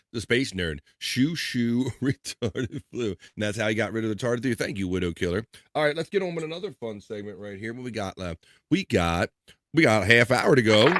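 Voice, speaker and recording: A man's voice: on the low side, a bit bright, no room sound, clean studio sound. A man hosting a live stream show, rambling and laughing as he comments on clips and thanks chat names.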